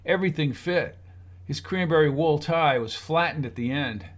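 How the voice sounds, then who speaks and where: A man narrating a story in a steady, scripted reading. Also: on the high side, normal speed. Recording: noisy recording.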